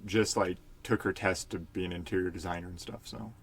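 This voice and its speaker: A man hosting a podcast, asking questions in a relaxed, hesitant way with many fillers. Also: sits low, a little fast, a little hiss or hum. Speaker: podcast host. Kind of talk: casual chat.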